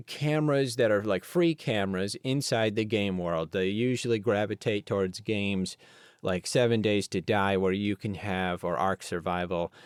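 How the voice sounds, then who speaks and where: A man's voice: on the low side, clear, resonant tone, dry recording, studio quality. A man hosting a solo podcast in a casual, rambling way, wandering into asides. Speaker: podcast host.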